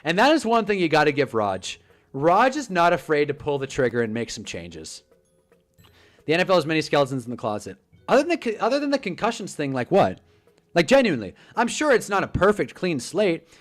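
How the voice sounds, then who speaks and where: A young man hosting a casual football livestream, animated and rambling, joking as he reacts to chat. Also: fairly high pitch, faint music behind. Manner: animated, rambling, quick to joke.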